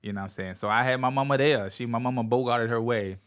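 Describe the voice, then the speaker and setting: A comedian from Virginia telling an animated story as a podcast guest, acting out quotes as he goes. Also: medium pitch, quick pace, clear, resonant tone. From Virginia, USA. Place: podcast studio.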